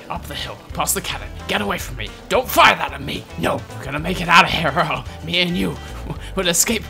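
A man's voice: fairly high pitch, sharp tone. A man doing joking, rambling let's play commentary, swearing freely as he plays. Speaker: gameplay commentator.

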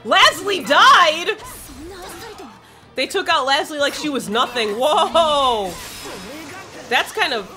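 A woman giving excitable let's play commentary, swearing a lot and shrieking when panicked. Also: sits high, measured pace, soft background music. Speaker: gaming streamer.

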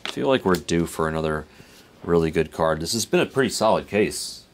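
Low-voiced guy rambling on a card-break stream, chuckles a lot, faint hiss behind him. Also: expressive, brisk. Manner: rambling, laid-back, chuckles between remarks, reads card names aloud. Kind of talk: casual live-stream chat while opening cards.

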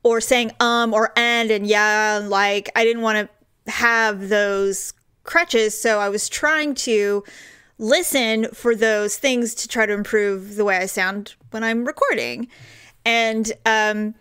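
A woman's voice: medium pitch, steady tone, slow, fairly bright tone, clear, resonant tone. A woman co-hosting a podcast in casual chat, candid and self-deprecating, often giggling. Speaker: podcast co-host.

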